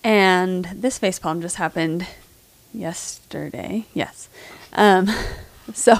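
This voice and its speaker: A woman in her thirties co-hosts a podcast in casual chat, with a soft voice that doesn't carry. She is self-deprecating and laughs often. The sound is dry and close. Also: on the low side, takes it slowly, gravelly, no echo. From United States. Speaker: podcast co-host.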